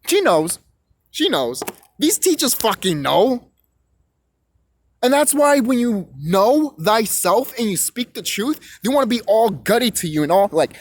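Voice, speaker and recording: High-voiced young man ranting and cursing. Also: sing-song, a little slow. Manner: rambling, cursing, repeating himself. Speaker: vlogger. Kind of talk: profane rant to camera.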